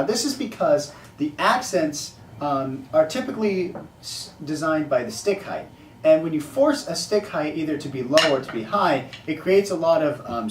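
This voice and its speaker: Echoey far-off drum teacher, man. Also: a little high. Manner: counts rhythms aloud, steady explaining. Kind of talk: casual instructional explanation. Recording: echoey room, off-mic, noisy.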